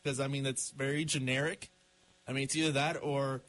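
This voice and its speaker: A man's voice: mid-range voice, little pitch movement, fairly quick, fairly bright tone, poor audio. A man co-hosting a casual radio chat, giving his opinions with lots of "you know" and "I mean".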